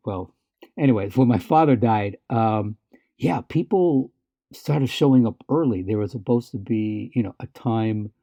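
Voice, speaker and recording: A man co-hosting a podcast chats casually in a dark, mellow voice that sits at a middle pitch. He talks haltingly, stumbling over restarts and fillers. The recording is dry and a little dull. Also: no echo. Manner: halting, many restarts and fillers, laughs while telling stories. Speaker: podcast co-host. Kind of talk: casual chat.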